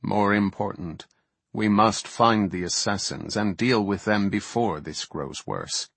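A man's voice: lowish voice, measured pace, creaky, a bit bright, breathy edge, dry recording, full character voice. A man voicing a stern elf archdruid who speaks in an urgent, commanding way in an audiobook. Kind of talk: audiobook character voice.

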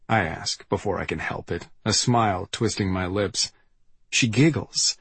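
A man narrating a first-person audiobook in a steady, plain storytelling voice. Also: low voice, measured pace, slightly rough, dry recording.

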